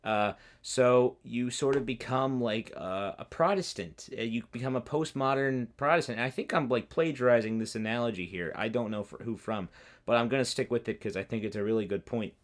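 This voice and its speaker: A man's voice: medium pitch, fairly quick. A young man, a university student, co-hosting a casual political podcast, talking in long rambling runs with many restarts. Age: young adult. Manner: rambling, many restarts and mocking quoted voices. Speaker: podcast co-host.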